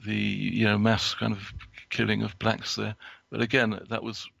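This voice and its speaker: This man's fairly low voice is strongly gravelly and creaky, edged with sharp brightness, and his delivery is completely flat. Speaking as a guest from notes, he halts often, full of fillers and restarted sentences. It's recorded close and dry.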